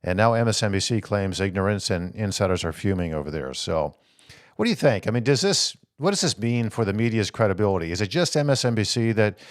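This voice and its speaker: Low-voiced man hosting a political talk show. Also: fast talker, no echo, studio quality. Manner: animated, rhetorical questions, reads viewer comments aloud. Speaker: host.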